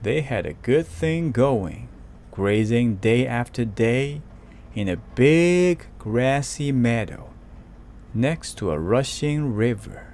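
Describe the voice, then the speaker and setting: A man reading a picture book aloud slowly and carefully, with spoken sound effects. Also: medium pitch, animated, darkish tone. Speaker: storyteller.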